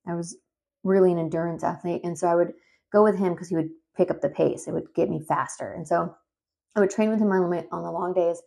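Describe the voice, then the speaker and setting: A woman's voice: lowish voice, brisk, gravelly. A woman in her thirties telling a personal story in a chatty, rambling way with lots of fillers. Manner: chatty and animated, many fillers, rambling asides.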